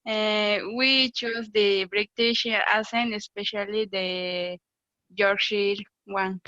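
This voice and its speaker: A young woman, a native Spanish speaker, gives a halting class presentation in English, with many fillers. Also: mid-range voice, steady tone, sharp tone, dry recording, highs cut off. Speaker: student presenter.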